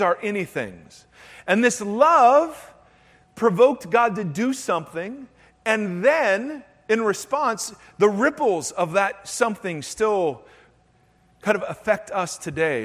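A man's voice: high-pitched, fairly bright tone, big-room sound. A male pastor giving a sermon to his congregation, breaking in with playful joking asides. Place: church sanctuary.

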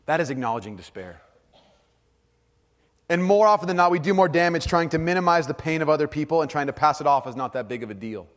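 Earnest guy preaching, kinda high voice, goes quiet then gets all animated, long echo like a big hall. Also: quick pace. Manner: earnest, swings from hushed to animated storytelling. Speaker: pastor. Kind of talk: sermon.

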